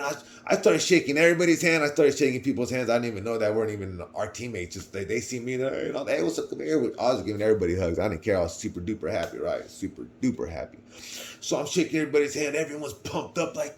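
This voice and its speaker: A man's voice: medium pitch, fast, a little hiss or hum. Slangy young man telling a story. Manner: animated, slangy, acts out the voices of others, trails off quietly. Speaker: vlogger telling a personal story. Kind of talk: casual storytelling.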